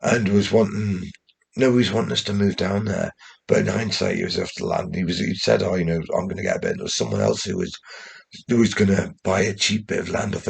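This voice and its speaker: Gravelly, husky man rambling. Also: deep voice. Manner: rambling, swearing, many restarts. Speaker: commentator. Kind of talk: casual monologue.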